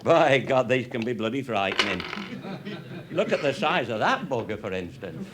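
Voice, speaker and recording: A man's voice: mid-range voice, very animated, moderate pace. An older man from England telling crude, humorous hunting and shooting stories to a live audience, laughing often as he goes. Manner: salty, laughing, showing cartridges. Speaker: raconteur. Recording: noisy live recording.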